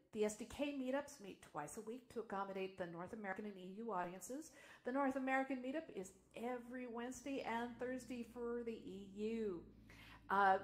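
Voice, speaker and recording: A woman co-hosting a live news stream in a chatty, loose way, laughing often between announcements. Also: a little high.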